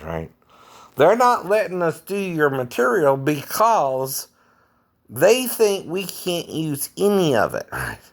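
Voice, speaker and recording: A man who works as an impersonator talks casually to his viewers, keeps adding "right?" and chuckles often. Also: a little high. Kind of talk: casual vlog monologue.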